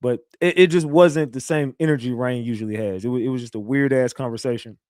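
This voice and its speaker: A male livestream host rambles loosely through casual commentary, full of street slang and frequent restarts. His medium-pitched voice is brisk and slightly mellow, captured in a clean, dry studio recording with no room sound.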